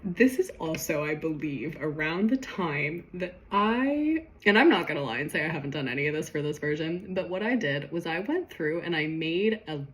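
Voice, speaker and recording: A woman's voice: low voice, lively intonation, moderate pace, few pauses, a bit bright. Chatty, self-mocking young woman. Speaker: host rereading her old story. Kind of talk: casual commentary on her own writing.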